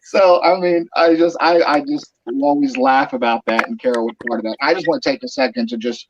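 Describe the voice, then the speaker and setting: A man tells a funny story among friends, animated and quick to laugh, his voice jumping up when the tale gets exciting. The sound is dull and lo-fi, with steady noise behind him. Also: fairly high pitch, creaky. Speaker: guest telling a story. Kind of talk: casual storytelling on a group video call.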